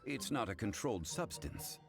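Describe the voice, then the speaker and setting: A polite, formal young gentleman. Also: lowish voice, expressive, moderate pace, over music. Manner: formal, courteous.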